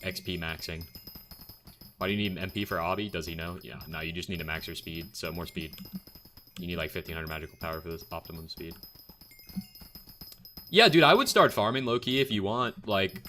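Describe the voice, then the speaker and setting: A young man with a very low, bright-edged voice chats on a live stream, fielding viewer questions in a blunt, offhand way. Soft music plays faintly behind him. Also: brisk, pauses often. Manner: chatty, blunt, answers chat questions. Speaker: game streamer.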